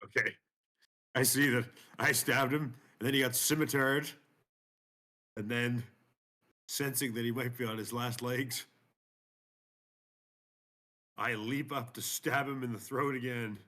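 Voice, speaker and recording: A man's voice: mid-range voice, steady tone, a little slow, bright, forceful tone. A man taking his turn as a player in a tabletop game, laid-back and wry.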